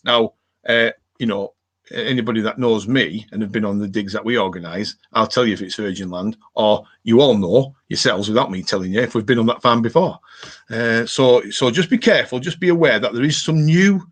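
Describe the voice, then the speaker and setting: A man's voice: mid-range voice, fairly bright tone. A man with a northern English accent hosting a casual live stream, reading out viewer comments and chatting in a rambling way with lots of fillers. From northern England.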